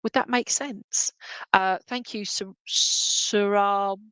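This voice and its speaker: A woman giving a psychic reading live, gentle and reassuring, halting and checking in with tag questions. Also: medium pitch, fairly even intonation, clear, resonant tone, no room sound. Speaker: psychic medium. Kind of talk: live spirit reading for viewers.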